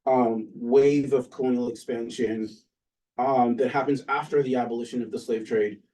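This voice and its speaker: A man, a political science professor, giving an academic talk in a relaxed, conversational way with frequent pauses and "um"s. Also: mid-range voice, distant mic, rough recording. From Canada. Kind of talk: academic lecture. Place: lecture room with an audience.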